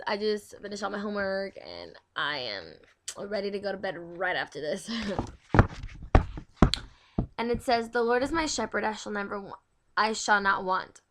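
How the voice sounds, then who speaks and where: A young woman reads a daily devotional aloud in a casual, chatty way, often tripping over words and restarting. Her voice is bright and sharp. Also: medium pitch, animated, normal speed, long pauses. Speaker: devotional video host.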